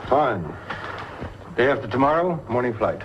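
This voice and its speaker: An actor playing a calm, reasoning husband in an old British film. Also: male voice, medium pitch, moderate pace, close to an everyday voice. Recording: dull old film soundtrack with hiss.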